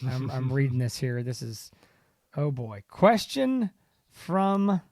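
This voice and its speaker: A man's voice: mid-range voice, sing-song, takes it slowly, darkish tone, no echo, studio quality. A man co-hosting a podcast in casual chat, rambling with plenty of fillers and restarts. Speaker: podcast co-host.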